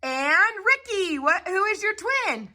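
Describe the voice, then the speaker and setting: A woman teaching a children's phonics lesson in a sing-song way, spelling out letters and sounding out words slowly. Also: extremely high pitch, big pitch swings, pushed and bright.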